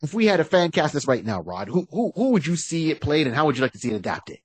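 A man's voice: on the high side, big pitch swings, fast talker, slightly rough, dry recording. A man co-hosting a podcast, explaining eagerly and acting out quotes as he talks. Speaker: podcast co-host. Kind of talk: casual chat. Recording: dry close-mic podcast audio.

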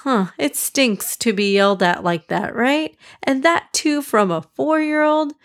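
A patient, loving storybook mother, read by a woman, gentle and coaxing. The voice lifts a little above the reader's own. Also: high voice, measured pace, pitched above the performer's own voice. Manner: gentle, coaxing, slightly raised.

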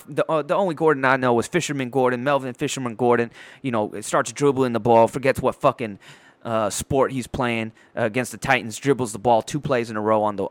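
A man hosting a podcast, ranting about sports in a loud, crude, rambling way and mocking the players he talks about. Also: medium pitch, dry recording. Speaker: podcast host. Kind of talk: profane sports rant.

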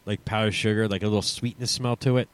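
A man co-hosting a podcast in casual chat, loud, profane and jokey. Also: lowish voice, steady tone, quick pace, clean tone. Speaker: podcast co-host.

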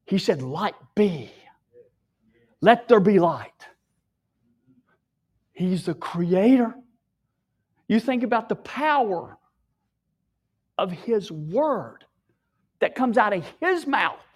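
A tearful man sharing an emotional personal testimony, often dropping his voice to a hushed whisper. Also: high voice, very animated, takes it slowly, long pauses, husky.

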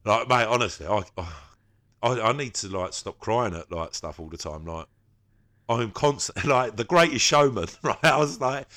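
A man's voice: medium pitch, expressive, normal speed, pushed and bright. A man, a podcast co-host telling stories in casual, slangy chat and laughing often.

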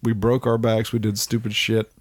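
A man, chatting on a podcast as host, telling animated stories, swearing freely and laughing often. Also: on the low side, moderate pace, breathy edge, dry recording, studio quality. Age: 30s. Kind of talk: casual chat.

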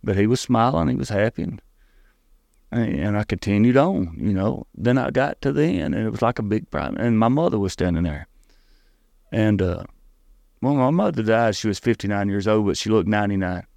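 A middle-aged man with a Tennessee Southern accent, telling his story as an interview guest in an earnest, halting way, often restarting and repeating words. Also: fairly low pitch, lively intonation, vocal fry, a little mellow, dry recording.

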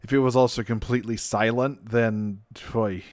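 A man's voice: mid-range voice, fairly even intonation, moderate pace, a little mellow, no echo, clean studio sound. A man co-hosting a casual podcast chat, talking in a wry way and swearing casually. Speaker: podcast co-host.

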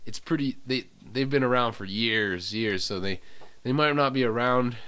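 A man co-hosting a podcast, joking casually and tossing out quick punchlines. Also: medium pitch, sharp tone. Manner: playful, quick punchline jokes. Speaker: podcast co-host. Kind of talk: casual comedic riffing.

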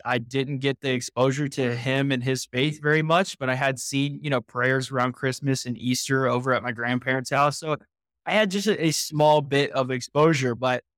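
A man's voice: medium pitch, a bit bright, no room sound, studio quality. A man in his twenties from Indiana, a podcast guest earnestly recounting his personal story with frequent restarts.

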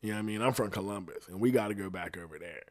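A young man, a guest, telling a story in casual, profane talk and dropping to low tones for tension. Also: rapid-fire, a little mellow.

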